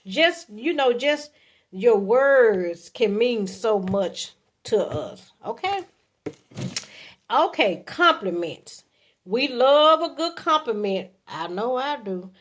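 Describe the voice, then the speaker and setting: Chatty woman in her fifties giving advice. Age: 50s. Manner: chatty and folksy, often adding okay, acts out sweet lines to a partner in a high voice. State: coughing from allergies. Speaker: vlogger giving relationship advice. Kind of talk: casual advice talk to camera.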